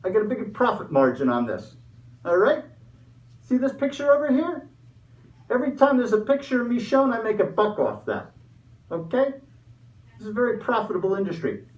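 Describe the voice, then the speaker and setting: A man voicing a gruff, money-minded Easter Bunny who wisecracks and talks pushy, in a comedy sketch. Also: high-pitched, very animated, brisk, long pauses, muffled recording. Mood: greedy. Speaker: comic interviewee. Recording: roomy, far from mic.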